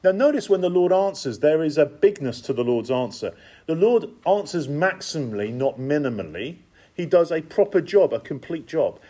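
Guy preaching a sermon, slightly high voice that jumps around a lot, emphatic, keeps repeating stuff, chatty asides. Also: moderate pace. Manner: lively, emphatic, repetitive cadence with conversational asides.

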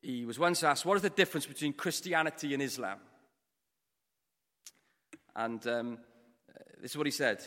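A man's voice: mid-range voice, moderate pace, long pauses. Welsh man preaching in a reverberant hall. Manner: storytelling, swings between hushed and loud. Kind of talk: sermon. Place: church.

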